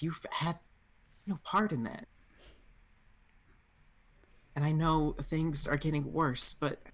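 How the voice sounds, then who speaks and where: A woman voicing a frightened young man who stammers and restarts his sentences. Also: deep voice. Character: frightened young man facing death, halting.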